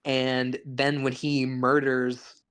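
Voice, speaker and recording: A man's voice: mid-range voice, monotone, takes it slowly, a bit bright, clear, resonant tone. A man co-hosting a podcast, chatting casually about movies, rambling with frequent restarts. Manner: rambling, restarts often, laughs along. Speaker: podcast co-host. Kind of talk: casual film chat.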